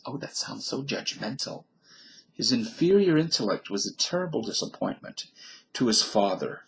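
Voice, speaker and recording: With a lowish voice and poor audio, a man reads a mathematician's biography aloud but keeps breaking off for wisecracking asides and remarks about his own reading.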